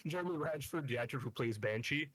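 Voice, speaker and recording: Mid-pitched man sharing trivia. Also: animated, fast talker, a bit bright, no room sound. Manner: shares trivia, self-correcting, mild swearing. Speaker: podcast co-host. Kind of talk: casual chat.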